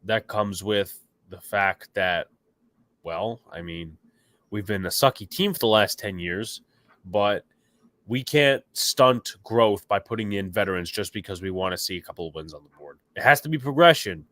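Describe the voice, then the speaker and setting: A man's voice: fairly low pitch, normal speed, a bit bright, dry recording, studio quality. A man hosting a casual sports podcast, opinionated and rambling, with a stuffy nose, reacting to chat comments. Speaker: podcast host.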